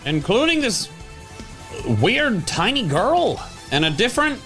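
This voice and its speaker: A woman streamer commentating her gameplay casually, dropping to low mutters and jumping to high excited yelps. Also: a little slow, loud music behind the voice. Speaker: game streamer.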